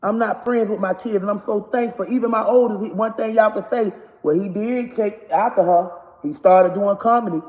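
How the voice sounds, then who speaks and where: A woman's voice: medium pitch, moderate pace, darkish tone, highs cut off. Blunt, cussing woman in her forties. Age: 40s. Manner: blunt, profane, laughs while scolding. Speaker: comedian and mother. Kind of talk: candid monologue to camera. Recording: echoey room with long reverb.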